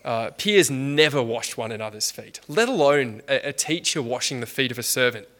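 A man's voice: mid-range voice, expressive, moderate pace, a bit bright. A man preaching a sermon in a conversational way, with frequent restarts and rhetorical questions.

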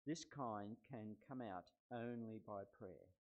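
A man reading aloud the words of a stern, authoritative teacher and healer, in a measured, earnest way. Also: lowish voice, narrow, tinny audio.

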